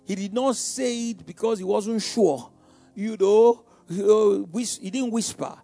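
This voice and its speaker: A man preaching a sermon, calling out questions to the congregation and swinging from hushed tones to shouts. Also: high voice, measured pace, vocal fry, soft background music.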